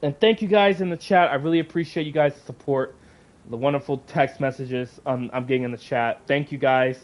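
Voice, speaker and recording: A man's voice: mid-range voice, a little fast. A man hosting a livestream, ranting angrily with heavy profanity and frequent sighs. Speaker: channel host. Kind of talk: livestream rant.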